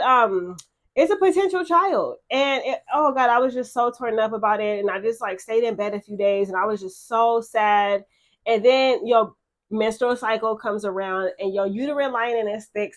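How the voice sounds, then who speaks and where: Emotional chatty young woman vlogger. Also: fairly high pitch. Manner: chatty, emotional, lots of fillers and repetition; frank and blunt, swears casually. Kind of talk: casual confessional vlog.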